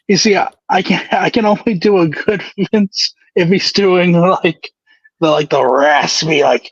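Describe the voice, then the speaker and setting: A man's voice: high voice, unhurried, husky, dry recording, dull audio. A man co-hosting a casual podcast, joking around and slipping in and out of impression voices. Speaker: podcast co-host. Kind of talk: casual chat with wrestler impressions.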